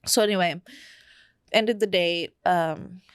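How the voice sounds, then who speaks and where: A lower-voiced young woman tells a candid personal story, unhurried and reflective and full of fillers. She is recorded close up in a dry, dead room. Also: clean tone, no echo.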